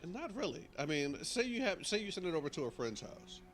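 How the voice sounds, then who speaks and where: Fast-talking gaming stream co-host man. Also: fairly high pitch, sing-song, a bit bright. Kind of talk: casual chat over gameplay. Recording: noisy background with clicks. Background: noise and clicks.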